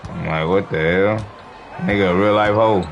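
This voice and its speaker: A man's voice: deep voice, fairly even intonation, normal speed, creaky, dull audio, music in the background, crowd noise. A man streaming a basketball video game live, ranting profanely and exasperatedly at another player. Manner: profane, exasperated trash talk. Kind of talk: casual gaming commentary. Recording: background noise.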